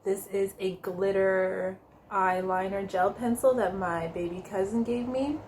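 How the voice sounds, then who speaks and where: A woman giving a casual tarot reading for her vlog, chatty and quick to laugh, often stopping to correct herself. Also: medium pitch, fairly even intonation, a little mellow, echoey room, a little hiss or hum, poor audio. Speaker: tarot reader.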